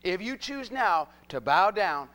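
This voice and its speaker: A male preacher voicing a menacing tyrant king who coaxes and threatens, in a lowered, hushed and drawn-out voice. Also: very animated, full character voice.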